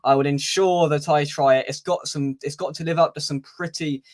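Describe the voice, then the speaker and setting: A man's voice: a little high, steady tone, moderate pace. A young man hosting a football fan channel's match preview, chatting casually and wryly with plenty of filler words. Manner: chatty, wry, lots of "uh" fillers.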